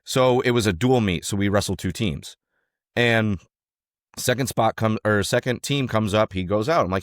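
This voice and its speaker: Lowish-voiced man telling a coaching story. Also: moderate pace, no room sound, studio quality. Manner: animated storyteller, acts out quotes, swears freely. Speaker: podcast co-host, former youth wrestling coach. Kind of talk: casual storytelling chat.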